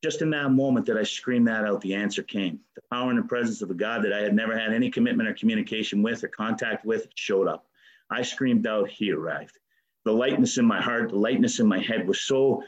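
A man's voice: fairly low pitch, muffled recording. A man giving an earnest, emotional personal testimony at a recovery meeting. He often stammers and restarts his sentences and swears casually. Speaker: speaker sharing a recovery story.

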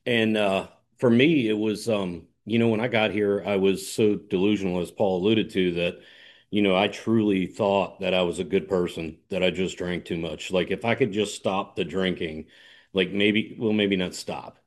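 A man with a very low, deep voice shares his experience of recovery. He talks in a relaxed, hesitant way and fills his pauses with ums. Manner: relaxed, hesitant, many fillers. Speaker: AA member sharing.

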